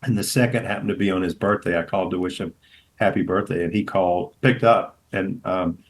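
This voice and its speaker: Speaking fairly quickly over poor audio, a middle-aged man from the American South, a pastor and author, tells stories in a podcast interview. He rambles with constant restarts and performs quoted lines in a higher voice.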